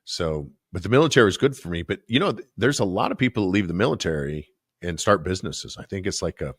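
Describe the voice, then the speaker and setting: A man's voice: deep voice, fast talker, husky, no room sound, studio quality. A man hosting an interview, chatting casually and agreeably, sharing his own story and prompting his guest. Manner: relaxed, agreeable, brief backchannels. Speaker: podcast host.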